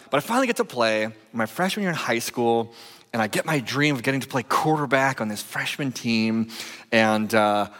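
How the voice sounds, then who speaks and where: A man preaching a sermon as pastor, telling stories with lively energy. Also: on the high side. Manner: animated storytelling, rising to excited shouts. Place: church sanctuary. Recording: long hall reverb.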